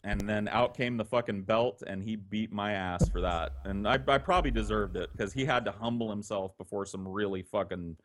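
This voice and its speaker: A man's voice: on the low side, moderate pace, few pauses, slight background noise. Profane storytelling podcast man. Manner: profane, animated, with laughter in between. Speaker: podcast host telling a story.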